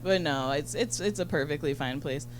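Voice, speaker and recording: A woman doing a stand-up set on a club stage, chatty and bubbly, full of fillers and quick asides to the crowd. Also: low-pitched, slight background noise. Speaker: stand-up comedian. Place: comedy club stage in front of an audience.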